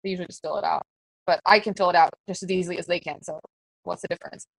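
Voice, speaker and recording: A woman's voice: on the low side, steady tone, very fast, creaky, dry recording, poor audio. A woman coaching fellow fitness coaches in a casual, very conversational way, full of fillers. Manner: very conversational, chatty with many fillers.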